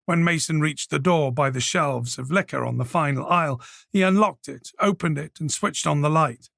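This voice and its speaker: A man reading a crime thriller audiobook with measured, scripted narration. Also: on the high side, gravelly, fairly bright tone, dry recording, clean studio sound. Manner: measured storytelling.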